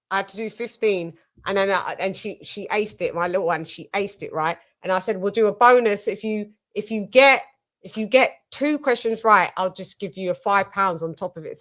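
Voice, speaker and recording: A woman's voice: mid-range voice, fairly bright tone. A British woman hosting a live stream, chatting casually and telling rambling family anecdotes with frequent swearing. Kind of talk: casual chat.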